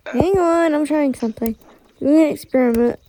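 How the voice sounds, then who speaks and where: Brief: woman, high and mellow voice, unhurried, grumbly chat over faint noise. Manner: fussing at a glitchy app with "ew"s. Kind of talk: casual chat.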